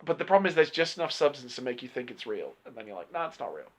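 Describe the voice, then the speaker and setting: Swearing, animated young man. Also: mid-range voice, racing. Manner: animated, profane ranting. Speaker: podcast co-host. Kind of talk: casual chat. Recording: lo-fi podcast recording.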